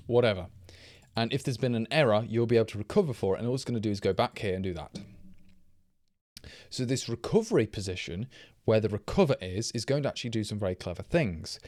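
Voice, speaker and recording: A programmer streaming live talks through his coding while a little tipsy from drinking, thinking aloud and correcting himself. His voice is mid-range and a little mellow.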